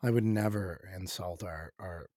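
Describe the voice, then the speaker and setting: A man's voice: low-pitched, measured pace, mellow, dry recording, clean studio sound. A Canadian man, a podcast guest and recording engineer, chatting casually and rambling with many restarts. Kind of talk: casual chat.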